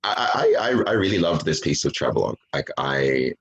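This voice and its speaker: A man's voice: extremely low pitch, sing-song, a little fast, gravelly, highs cut off, a little hiss or hum. A man on a podcast talking casually about a book at home, hesitant with many restarts. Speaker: podcast panelist.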